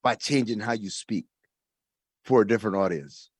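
A man's voice: fairly low pitch, moderate pace, husky, no echo, studio quality. A man in casual conversation, explaining his views earnestly and making his point through comparisons. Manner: earnest, explanatory, uses analogies.

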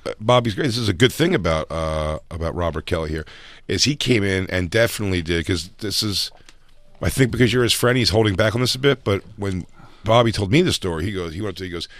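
A man co-hosting a podcast in casual chat, animated and quick to jump into bits. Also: sits low, no room sound. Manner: animated, jumps into bits and impressions. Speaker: podcast co-host.

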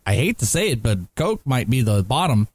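A man's voice: medium pitch, very animated, a little fast, a little mellow, breathy edge, no room sound. A man co-hosting a casual podcast chat, joking and laughing often. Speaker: podcast co-host.

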